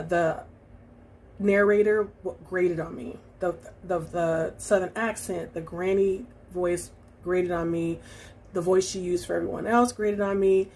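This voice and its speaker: A woman talking through her recent reading in a casual vlog, reflective and halting, with many fillers and restarts. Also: lowish voice, darkish tone, a little hiss or hum. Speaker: book vlogger. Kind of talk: casual book review vlog.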